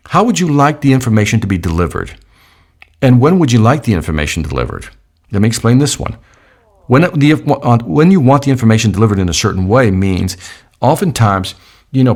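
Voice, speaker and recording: A man's voice: medium pitch, breathy edge. A middle-aged man giving a sales training talk, emphatic, repeating key points and acting out customer and presenter lines.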